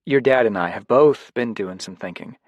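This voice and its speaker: A man voicing a gentle, loving mother who speaks softly and reassuringly in an audiobook. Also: mid-range voice, moderate pace, no echo, muffled recording, pitched above the performer's own voice, close to an everyday voice. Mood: earnest. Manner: soft and reassuring.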